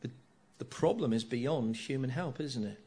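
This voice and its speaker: A man's voice: medium pitch, normal speed, mellow, husky. A middle-aged man preaching a sermon, earnest, repeating key phrases and asking rhetorical tag questions.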